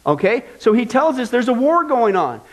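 A man's voice: very high-pitched, big pitch swings, normal speed. A male pastor preaching a sermon in a folksy style, driving points home with repetition.

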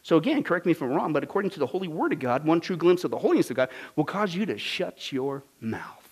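A man preaching a dramatic sermon, asking the congregation questions and swinging from hushed whispers to loud exclamations. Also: fairly high pitch, very animated, fast talker, slightly rough. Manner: asks the congregation rhetorical questions.

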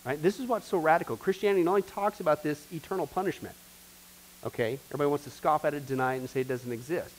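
Speaking rapid-fire in a fairly high voice, a man teaches a church discipleship class with emphatic, sermon-style repetition, talking directly to those present. The rough recording carries slight background noise.

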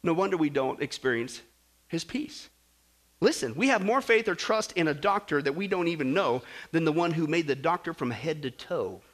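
A man preaching a sermon, animated and jokey, acting out stories and swinging between loud and soft. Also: fairly high pitch, moderate pace. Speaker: pastor.

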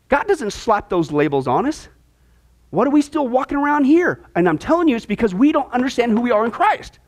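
Emphatic male Bible teacher, very high pitch, lively. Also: fast talker. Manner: emphatic, keeps checking with "okay?". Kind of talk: teaching a discipleship class.

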